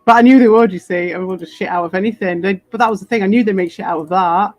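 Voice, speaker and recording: A woman's voice: mid-range voice, rapid-fire, dry recording. A British woman in a casual, rambling monologue, swearing freely, laughing often and sounding defiant. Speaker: crypto streamer.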